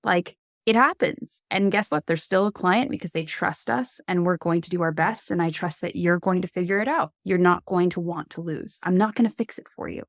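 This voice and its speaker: A woman who is a guest on a podcast, telling work stories in an animated, casual way and acting out the other people's lines. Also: fairly low pitch, brisk, few pauses, no echo, clean studio sound. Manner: animated storyteller, acts out dialogue. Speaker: podcast guest, agency founder. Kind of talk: casual conversational interview.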